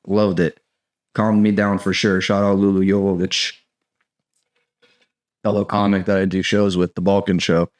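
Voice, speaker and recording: A young American man rambles through a comedic podcast monologue, swearing freely and tossing in "dude" every few words. His pitch sits in an ordinary middle range, and the sound carries a noticeable room echo. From United States. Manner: rambling, profane, sarcastic, says "dude" constantly. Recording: echoey room.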